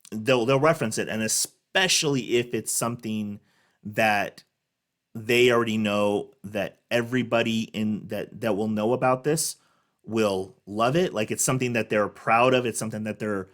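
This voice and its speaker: A man's voice: on the low side, a bit bright. A man hosting a reaction video, explaining things in a casual, rambling way with many fillers. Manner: rambling, lots of fillers and restarts. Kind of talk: casual commentary.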